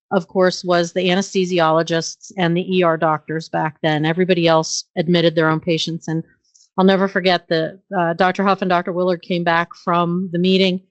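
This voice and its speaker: Dry, low-voiced middle-aged woman telling stories. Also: no room sound. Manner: anecdotal, earnest, with frequent um and uh fillers. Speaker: nurse practitioner guest. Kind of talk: conversational storytelling interview.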